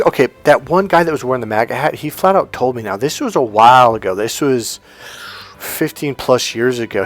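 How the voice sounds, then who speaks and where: Rambling storytelling man, faint music behind. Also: medium pitch. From San Francisco Bay Area, US. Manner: rambling storytelling that acts out quoted voices, with swearing and restarts. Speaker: self-help coach and hypnotherapist. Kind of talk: casual opinion monologue to camera.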